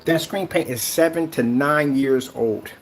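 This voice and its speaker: A man's voice: on the high side, measured pace, slight background noise. A man who makes screen paint, delivering a sarcastic, rambling online rant that taunts a rival.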